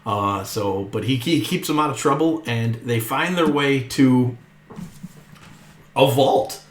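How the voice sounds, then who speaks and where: A man's voice: medium pitch, slow, reverberant. A man narrating as game master of a tabletop game, in an easygoing way with chuckles and fillers.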